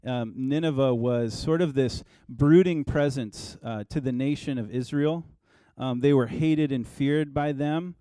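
A man in his thirties, a pastor giving a relaxed, conversational sermon with personal stories. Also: medium pitch, no echo.

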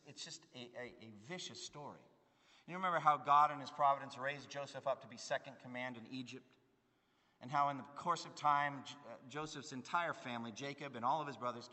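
Earnest man preaching in a reverberant hall. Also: mid-range voice. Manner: earnest, emphatic, swings between loud and hushed. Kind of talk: sermon.

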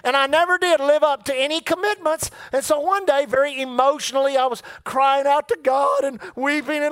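A middle-aged preacher delivers a folksy sermon, repeating himself and calling on the congregation to answer. His voice sits very high for a man. The sound is dry and close, with no room echo. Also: fairly even intonation, moderate pace, few pauses, a bit bright.

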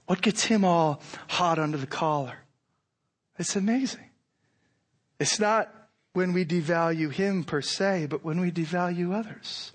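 A middle-aged man preaching a sermon, animated, acting out imagined lines with rising intensity. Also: high voice, measured pace. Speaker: pastor.

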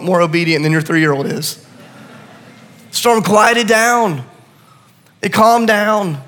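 A middle-aged man preaching a sermon, swinging between hushed asides and rising urgency. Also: high voice. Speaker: pastor. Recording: long reverb of a large hall.

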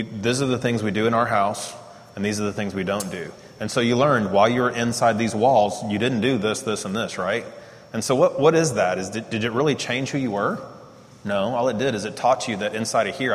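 A middle-aged man giving a casual teaching talk on parenting, animated and self-mocking. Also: fairly low pitch, big-room sound. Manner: animated storytelling, laughs at himself.

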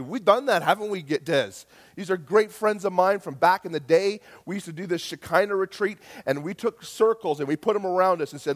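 A middle-aged male pastor preaching a sermon with passion, dropping to near-whispers and rising to loud calls. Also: high-pitched, lively intonation, moderate pace. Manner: impassioned, swings from hushed to loud.

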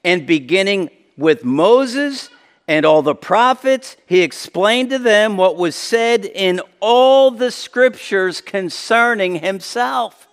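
A man delivers a sermon in a conversational, explanatory way, his fairly high voice jumping up for emphasis and then dropping low and quiet. Long reverb from a large hall trails behind his words. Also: lively intonation, slow pace, clean tone. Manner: conversational preaching with sudden emphatic rises and soft drops. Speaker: pastor.

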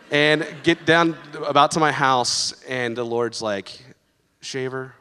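A man telling a lively personal testimony in church, laughing as he recounts the story. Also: medium pitch, a little slow, clear, resonant tone. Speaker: guest sharing a testimony. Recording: long reverb of a large hall.

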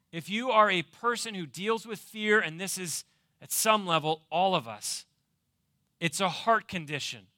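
A man's voice: sits high, sharp tone, dry recording, studio quality. A man preaching a sermon as pastor, emphatic, asking rhetorical questions and repeating key phrases. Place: church.

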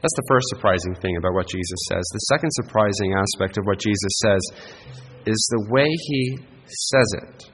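A man's voice: on the low side, normal speed, long reverb tail, faint music behind, rough recording. A man preaching a sermon as pastor, earnest and emphatic, often checking in with the congregation with a rhetorical "right?".

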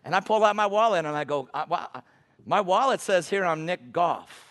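High-voiced emphatic man preaching. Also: lively intonation, fairly bright tone. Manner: emphatic, slows down for scripture quotes. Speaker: guest preacher. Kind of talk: sermon.

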